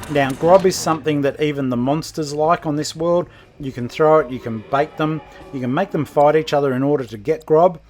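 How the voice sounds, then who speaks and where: A man's voice: fairly high pitch, fairly quick, darkish tone. Chatty man narrating gameplay. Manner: chatty, rambling, self-deprecating. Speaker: gaming podcast host. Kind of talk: let's play commentary.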